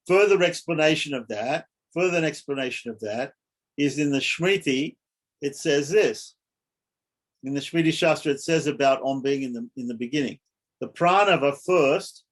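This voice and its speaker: A man giving a scripture lecture, explaining step by step and stressing key points by repeating them. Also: medium pitch. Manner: explains step by step, asks "right?". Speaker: scripture teacher.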